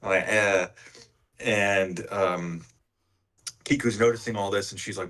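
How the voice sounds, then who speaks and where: A man's voice: lowish voice, fairly even intonation, slow pace, pauses often, fairly bright tone. A man co-hosting a book club podcast, retelling the story in a rambling, casual way with lots of filler words. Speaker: podcast co-host.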